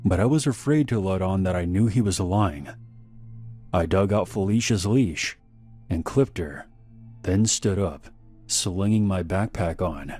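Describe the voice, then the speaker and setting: A man with a very deep, low voice reads a horror story in a steady, unhurried manner. Faint music plays quietly beneath his narration.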